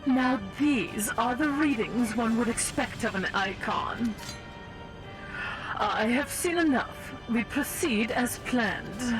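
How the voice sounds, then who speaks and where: A woman voicing a confident, scheming imperial lord in a measured, formal delivery. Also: a little high, lively intonation, over music. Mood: commanding.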